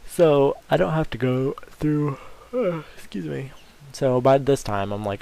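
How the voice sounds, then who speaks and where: A man offers rambling, crude, joking commentary over his video game playthrough in a casual let's-play. His mid-range voice is gravelly and warm, and he talks a little slowly.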